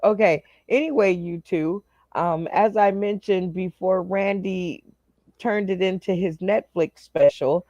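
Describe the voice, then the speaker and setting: A slow, unhurried host explains the rules of a comedy game show. The sound is close and dry, and the tone is teasing. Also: mid-range voice, darkish tone, no room sound, dull audio. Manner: laughs often, teasing. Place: remote video call.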